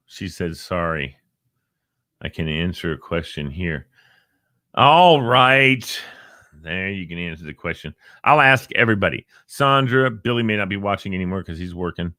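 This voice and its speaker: A man's voice: fairly low pitch, a little slow, no echo, studio quality. A man hosting a casual live stream, reading uplifting quotes and joking with viewers by name. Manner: animated, jokey, chats to viewers by name. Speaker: host of a live encouragement stream.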